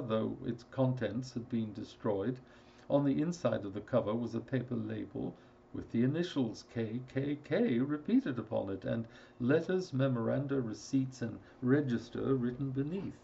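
Gravelly male audiobook narrator. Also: mid-range voice, warm tone, muffled recording, slight background noise. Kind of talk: scripted narration.

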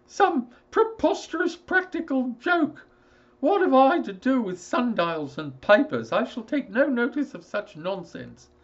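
A man reading a story aloud, voicing a frightened, obstinate older gentleman who stammers and blusters. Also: sing-song, measured pace, muffled recording, heavily acted. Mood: blustering. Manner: shrill, stammering outbursts.

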